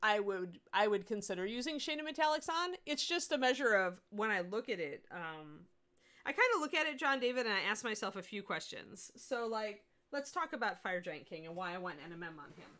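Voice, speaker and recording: Woman painting instructor on a casual stream, bright, talkative, answers viewers as she works. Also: medium pitch, animated, brisk. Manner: chatty, answers viewer chat while painting. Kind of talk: casual livestream painting lesson.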